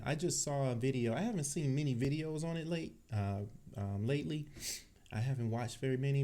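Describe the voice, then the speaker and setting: A man from Cleveland hosting a casual livestream for his tech channel, chatty and laid-back with a deep, bassy voice and frequent laughs. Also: dark tone. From Cleveland, Ohio. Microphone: desk microphone.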